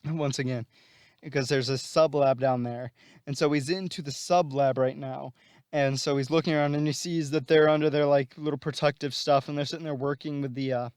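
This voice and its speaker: A man's voice: mid-range voice, fairly even intonation, a little fast, a little mellow, clean tone, dry recording, studio quality. A man casually retelling a story plot, rambling with many restarts. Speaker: channel host.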